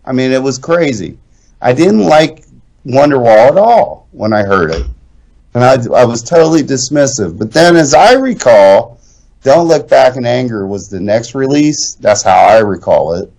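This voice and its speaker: Animated, profane middle-aged man telling stories. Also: medium pitch, normal speed, low-quality recording. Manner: animated storytelling, profane, acts out quoted voices. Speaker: podcast co-host. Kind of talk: casual chat.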